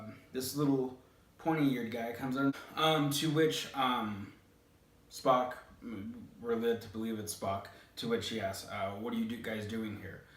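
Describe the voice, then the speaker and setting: A man's voice: medium pitch, fairly bright tone. A man hosting, casually telling a rambling story with lots of hesitant fillers, recorded in an echoey room some way from the mic. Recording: roomy, distant mic.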